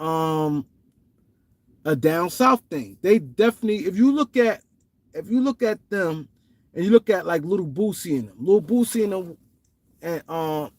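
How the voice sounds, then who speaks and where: Man from Harlem with a New York accent, show host, loose slangy ramble, slightly higher voice. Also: dry recording. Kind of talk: casual livestream commentary.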